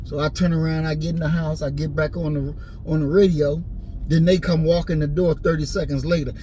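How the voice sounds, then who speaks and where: A man delivering an impassioned, preachy rant and story, repeating his points and rising into shouts. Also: a little high, steady tone, brisk, a little hiss or hum, rough recording. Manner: preachy, repetitive, swings into shouting.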